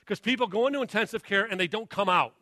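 Male pastor, 30s, sermon delivery; bright, slightly high voice, dry close mic, conversational with emphatic build. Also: dry recording. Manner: conversational, halting with restarts, rising to emphatic questions. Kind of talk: sermon with personal story.

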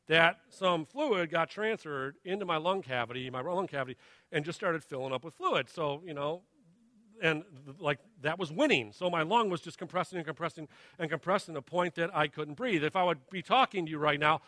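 Bright-voiced man preaching, animated. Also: on the high side, no echo. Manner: conversational, halting with restarts, rising to emphatic questions. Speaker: pastor. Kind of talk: sermon with personal story.

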